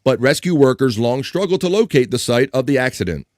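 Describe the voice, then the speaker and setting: A man hosting a live stream, reading offbeat news and chat comments aloud in a jokey, animated way. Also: mid-range voice, brisk, dry recording, clean studio sound. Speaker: live-stream show host. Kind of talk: casual news read and chat.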